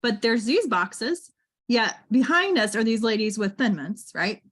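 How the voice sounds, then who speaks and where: A woman's voice: on the high side, very animated, measured pace, fairly bright tone, breathy edge. A woman hosting a casual conversation, chatting loosely with many fillers. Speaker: podcast host. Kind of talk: casual chat.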